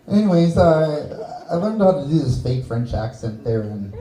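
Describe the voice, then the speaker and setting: A man's voice: a little high, warm tone, echoey room, poor audio. A Canadian man doing a stand-up set in a small bar, teasing the audience with crude jokes. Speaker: stand-up comedian. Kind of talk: stand-up set with crowd work.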